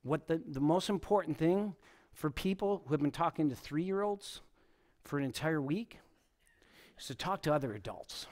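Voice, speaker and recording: Lively, animated male pastor. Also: on the high side. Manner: animated storytelling, chuckling, frequent restarts. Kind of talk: conversational sermon with personal stories. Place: church service.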